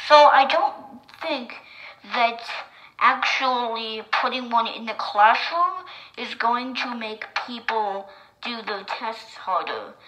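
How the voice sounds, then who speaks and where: Chatty excitable woman, slow-talking. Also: fairly high pitch, poor audio. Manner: chatty and excitable, with sudden loud bursts. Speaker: video creator. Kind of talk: reaction commentary.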